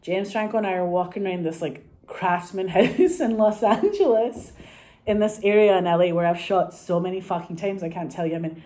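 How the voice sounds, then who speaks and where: A woman's voice: on the low side, animated, a little fast, mellow. An actress telling a rambling, profane story about a film shoot, laughing often as she talks. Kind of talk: casual anecdote.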